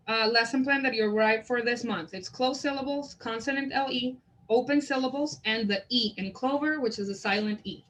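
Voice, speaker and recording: A woman training teachers in a literacy method, explaining it and sounding out example words slowly and deliberately. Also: on the high side, fairly bright tone, slight background noise, poor audio. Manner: slow, deliberate word modeling. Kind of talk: instructional demonstration.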